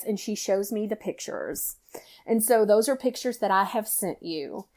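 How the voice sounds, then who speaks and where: A woman's voice: a little high, unhurried. Chatty woman telling a story. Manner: chatty, many "you know" fillers, animated retelling. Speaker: guest storyteller, mother. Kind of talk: casual personal story.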